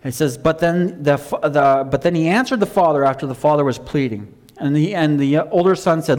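A man preaching a sermon, telling a Bible story with animated emphasis, swinging from loud to quiet. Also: brisk, few pauses, in a large hall. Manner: animated storytelling, rising loud for emphasis then dropping low.

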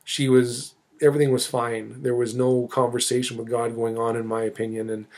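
A middle-aged man recounts his faith story in an earnest, unhurried way. His voice sits at an ordinary pitch, and he stops and restarts phrases as he searches for words. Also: flat delivery, darkish tone. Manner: earnest, halting, with many restarts and fillers. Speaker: church minister telling his testimony. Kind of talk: personal testimony, storytelling.

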